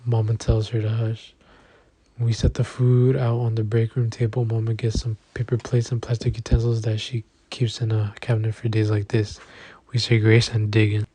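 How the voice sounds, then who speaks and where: A man narrating an audiobook in the first person, with a steady, even delivery. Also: lowish voice, moderate pace, husky. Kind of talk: scripted narration.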